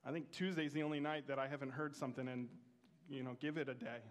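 A man's voice: mid-range voice, fairly even intonation, quick pace. A man, a pastor preaching a sermon in a conversational, storytelling way. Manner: conversational storytelling with quoted dialogue.

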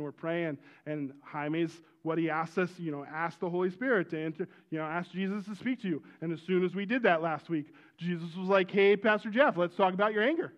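A middle-aged man preaching with a high, bright-pitched voice. He tells personal stories from the pulpit with animated energy and breaks out in loud exclamations. The recording sounds muffled and lo-fi. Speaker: pastor.

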